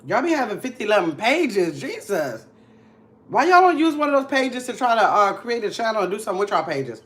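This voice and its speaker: A woman's voice: mid-range voice, sing-song, a little fast, a bit bright. A woman from Milwaukee hosts a casual livestream from home. She talks straight to her chat, teasing and chatty, in a mid-range voice. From Milwaukee, Wisconsin. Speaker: livestream host.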